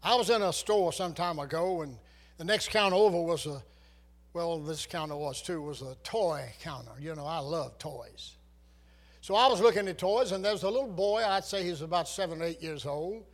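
A man's voice: on the high side, moderate pace. A man preaching a sermon, reciting scripture with dramatic, swelling emphasis.

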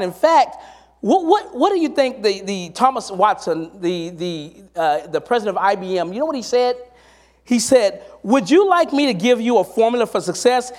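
High-voiced man preaching a sermon. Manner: storytelling, rising to emphatic exhortation. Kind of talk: sermon with personal stories.

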